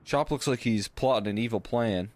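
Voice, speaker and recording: A man giving relaxed, explanatory colour commentary on an esports match. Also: medium pitch, normal speed.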